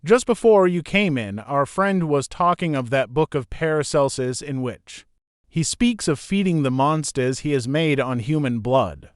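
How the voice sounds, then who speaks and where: A man's voice: fairly high pitch, animated, unhurried, no echo, clean studio sound. A male audiobook narrator voicing an uneasy young woman speaking earnestly. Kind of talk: audiobook character reading.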